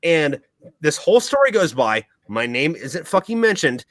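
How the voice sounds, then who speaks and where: A man hosting a podcast, slightly drunk and fired up, swearing through nearly every phrase. His voice is bright and pitched a little high, swinging wildly up and down as he rants. The sound is dry and close to the mic. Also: moderate pace, no room sound, poor audio. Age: adult, military veteran. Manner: heated, swears constantly, animated. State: tipsy. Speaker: podcast host. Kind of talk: profane casual rant.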